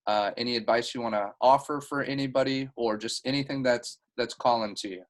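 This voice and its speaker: A man's voice: mid-range voice, steady tone, a little fast, poor audio. A man leading his team's video call meeting, talking in an earnest, heartfelt and rambling way. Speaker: team leader. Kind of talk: motivational team meeting talk.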